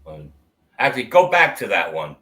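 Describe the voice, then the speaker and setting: A man's voice: on the low side, big pitch swings, normal speed, pushed and bright. A man co-hosting a casual live stream about music, talking in a joking, blunt way. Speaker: stream co-host reacting to music.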